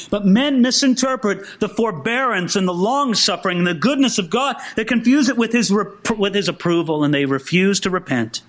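A male preacher delivering a sermon in a high, lively voice. His pitch leaps up and drops low as he acts out the voices in his text. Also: fairly quick, few pauses. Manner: animated, acts out quoted voices with swings in pitch. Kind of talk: expository sermon.

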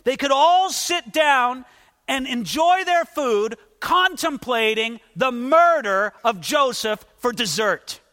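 A man's voice: very high-pitched, lively intonation, slow pace, pushed and bright, big-room sound. A man preaching a sermon, dramatically acting out Bible figures as he tells the story. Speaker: pastor.

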